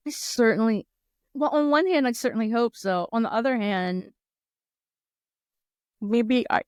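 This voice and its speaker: A woman's voice: on the high side, unhurried, clear, resonant tone, dry recording, clean studio sound. A woman co-hosting a podcast, chatting casually with lots of fillers and laughter. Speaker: podcast co-host. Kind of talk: casual chat.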